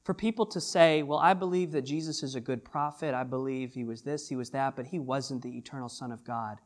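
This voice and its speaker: A man preaching a sermon as pastor, swinging between hushed lines and loud, drawn-out emphasis. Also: medium pitch.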